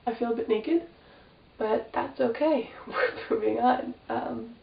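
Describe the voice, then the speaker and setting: A woman's voice: fairly high pitch, unhurried, vocal fry. Nasal woman with a cold, echoey room. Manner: chatty and rambling, with frequent fillers. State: has a cold, sniffling. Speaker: fashion vlogger. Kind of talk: casual chat to camera. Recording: echoey room, mic at a distance, dull sound with faint hiss.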